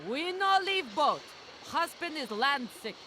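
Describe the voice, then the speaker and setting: A woman's voice: sits high, big pitch swings, a little slow, pushed and bright, slight background noise, exaggerated voice. An actress voicing a haggling barge-owner woman in a video game, speaking blunt, broken English with a Russian accent. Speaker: game character.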